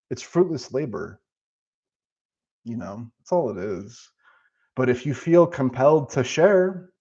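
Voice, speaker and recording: A man's voice: medium pitch, darkish tone, lo-fi sound. A man live-streaming and answering chat in a casual, profane, rambling way, talking about spiritual ideas.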